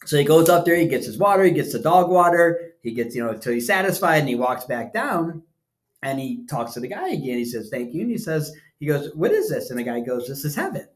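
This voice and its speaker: A man's voice: on the high side, big pitch swings, a little fast. A man co-hosting a podcast, casual chat, rambling and repeating himself as he tells a story. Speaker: podcast co-host.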